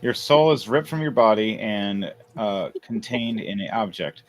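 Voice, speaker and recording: A man narrating a tabletop game as game master, lively and building up each scene. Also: on the low side, a little slow.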